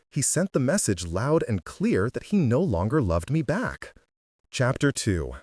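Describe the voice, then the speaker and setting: A man narrating an audiobook in an animated, expressive way. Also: on the low side, no echo, studio quality. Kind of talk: scripted narration.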